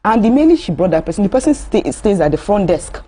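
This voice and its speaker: A woman's voice: mid-range voice, very animated, quick pace, mellow. A Nigerian woman co-hosting a TV talk show, telling anecdotes in a chatty way and laughing as she goes. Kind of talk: studio discussion, anecdotal.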